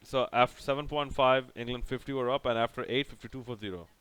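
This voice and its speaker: A man's voice: mid-range voice, fairly even intonation, quick pace, a bit bright, clear, resonant tone, no echo. A young man casually recapping a cricket match over by over, rambling and sarcastic, with many restarts. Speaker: cricket reviewer.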